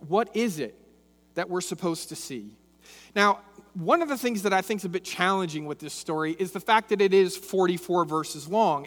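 A man's voice: high voice, fairly bright tone. A man preaching a sermon. He reads scripture aloud, then talks it through expressively, asking rhetorical questions and repeating phrases. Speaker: pastor. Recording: long hall reverb.

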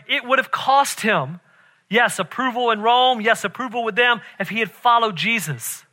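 A man preaches a sermon in a high, piercingly bright voice. He tells his story animatedly, laughs often and keeps checking in with "right?", and he sinks to a hushed, intense delivery for the serious points.

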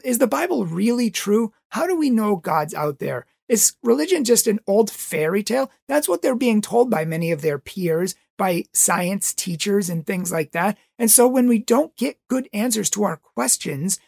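A man's voice: sits high, gravelly, darkish tone, husky, dry recording. A man who teaches religious education tells a story with passionate pleading and acts out voices. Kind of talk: impassioned storytelling talk.

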